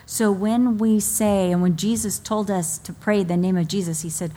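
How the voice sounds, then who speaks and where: A middle-aged woman delivers a sermon in an openly emotional, heartfelt way. She slows down and leans on key words one by one, with a pitch that sits in the usual middle range for a woman. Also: fairly even intonation, warm tone. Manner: heartfelt, emotional storytelling about her children; slow, deliberate emphasis on key phrases. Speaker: preacher.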